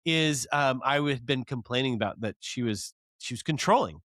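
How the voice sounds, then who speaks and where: A man's voice: medium pitch, lively intonation, moderate pace, a bit bright, dry recording. A man in his thirties, a podcast guest who tells stories with energy and acts out past scenes. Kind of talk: casual storytelling interview.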